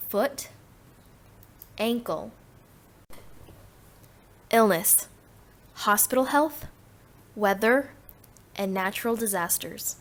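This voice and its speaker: A woman reading flashcard words one at a time with clear pauses, as a pronunciation guide for young learners. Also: medium pitch, fairly bright tone. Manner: slow, careful, one word at a time with pauses.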